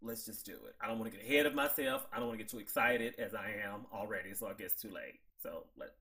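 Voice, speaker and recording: A man hosting a casual TV recap, excitable and chatty, laughing at his own jokes. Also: fairly low pitch, fast talker. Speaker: show host.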